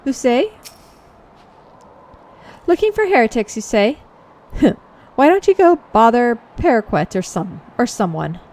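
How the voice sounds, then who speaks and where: A woman's voice: fairly high pitch, big pitch swings, a little slow, long pauses, a little mellow, voice pushed up. Lady doing an impatient camp guy who just brushes you off. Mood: dismissive. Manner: curt, brushing off.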